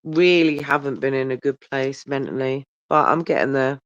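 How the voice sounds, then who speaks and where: A man's voice: mid-range voice, fairly even intonation, moderate pace, fairly bright tone, no echo. Brief: weary bloke rambling at viewers, phone right up to his face, dull dry sound. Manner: rambling, sweary, talks straight to viewers. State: tired and yawning. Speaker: livestreamer. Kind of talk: casual live chat with viewers. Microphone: phone held very close.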